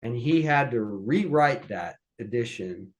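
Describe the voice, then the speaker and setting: A man's voice: medium pitch, unhurried. A man, a podcast guest, casually telling family stories and animatedly acting out the people he quotes. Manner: animated, acts out quoted voices. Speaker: guest recounting family history. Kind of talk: casual storytelling.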